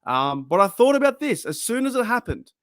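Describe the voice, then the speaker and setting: A man's voice: very high-pitched, very animated, fairly quick, a bit bright, no echo, clean studio sound. A man with an Australian accent hosting his own fan channel, chatting casually and rambling as he asks viewers questions. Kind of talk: casual chat to camera.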